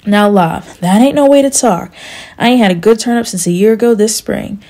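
A woman's voice: medium pitch, fairly quick, warm tone, close to an everyday voice. A woman voicing an aging, self-pitying male farmer who pleads and complains in a storybook reading. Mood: pleading.

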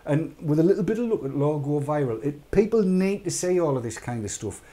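A man's voice: fairly high pitch, lively intonation, a little fast, mellow. A British man hosting a live online chat show, rambling and urging viewers on with jokey asides. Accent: British English.

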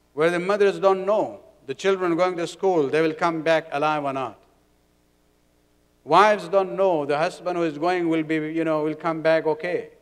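A man's voice: high-pitched, smooth. A man giving an explanatory religious lecture in a community centre, with frequent restarts and Arabic terms woven into his talk. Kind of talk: sermon. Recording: long hall reverb.

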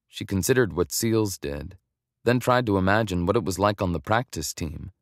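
A male audiobook narrator reads scripted romance in a measured, even storytelling manner. His voice is deep, and the studio sound is clean with no echo.

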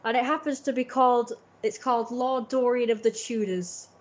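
A woman's voice: a little high, fairly even intonation, normal speed, muffled recording. A young woman streaming casually, chatting in a rambling way while she cooks and opens parcels, often stopping to correct herself. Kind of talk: casual chat.

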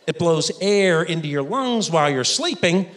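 Animated, self-mocking stand-up comedian man. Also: fairly high pitch, moderate pace. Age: 50s. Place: stage before a live audience. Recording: echoey stage room with audience.

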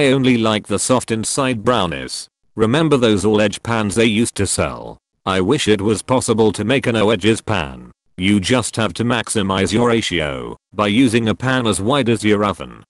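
A man's voice: lowish voice, dry recording, clean studio sound. A man reading out forum posts one after another as scripted narration, dropping his voice on one-word answers. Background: faint background music.

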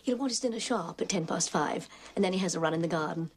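Actress as a condescending neighbour, affected and gushing, film soundtrack with noise. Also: female voice, lowish voice, fast, natural voice. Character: snobbish, bragging upper-class neighbour woman.

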